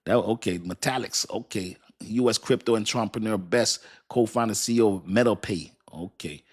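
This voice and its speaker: A man's voice: lowish voice, moderate pace, husky. A man hosting a casual crypto live stream, talking loosely and repeating himself as he reads aloud and answers his chat, often laughing. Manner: laughs often and thinks aloud while reading. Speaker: crypto livestream host.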